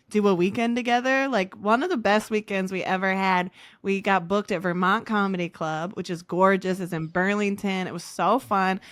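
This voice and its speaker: A woman in her thirties, a comedian, chatting casually and rambling with lots of fillers, quick to laugh. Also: medium pitch, no room sound. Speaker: comedian guest in couples therapy talk. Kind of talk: casual chat.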